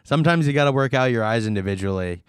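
Smooth-voiced wisecracking man. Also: mid-range voice, animated, fast talker, no echo, clean studio sound. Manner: wisecracking, playful with wordplay. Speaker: podcast co-host. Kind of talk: casual podcast chat.

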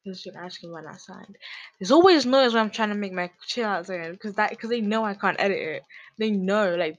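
Low-voiced woman rambling on her podcast. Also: poor audio. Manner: rambling, slangy, self-mocking. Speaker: podcast host. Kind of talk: casual rambling monologue.

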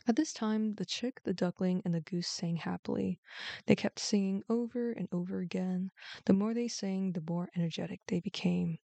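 A woman hosting a show and reading a bedtime story aloud in a gentle, expressive way. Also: on the low side, normal speed, gravelly, no room sound. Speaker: host and storyteller.

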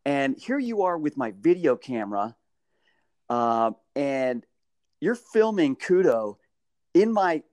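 A man telling stories in casual chat, animated and often laughing. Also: on the high side, takes it slowly, long pauses, dry recording, studio quality. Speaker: storyteller.

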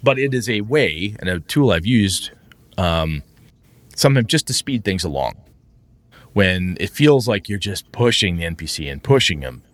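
A man hosting a casual chat about running tabletop games, animated and quick to slip into character voices. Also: deep voice, no echo. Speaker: game master podcast host.

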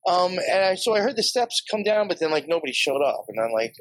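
A man's voice: a little high, animated, fast, hardly any pauses, no echo, rough recording. Swearing New York man telling a ghost story. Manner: rambling, heavy swearing, laughs often. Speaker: podcast guest. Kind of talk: casual storytelling.

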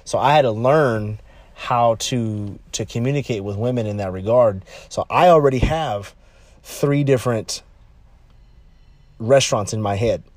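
A man talking casually and bluntly about dating, animated and repetitive, jumping higher when he quotes people. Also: a little slow, no echo. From California, United States. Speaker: relationship advice talker. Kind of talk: casual monologue.

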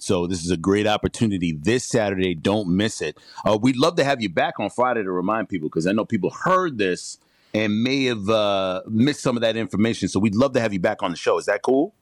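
A man's voice: on the low side, no room sound. A man hosting a morning radio show, chatting casually and asking his guest direct, upbeat questions from the studio.

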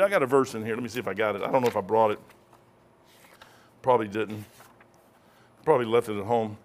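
A man's voice: on the low side, quick pace, long pauses. A man, a pastor, teaching a casual Bible study in a rambling, conversational way, often throwing in "man.".

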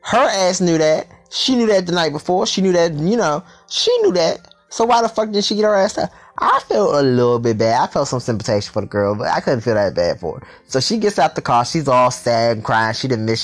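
A man telling a storytime tale in a vlog, animated and full of profanity and slang. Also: mid-range voice.

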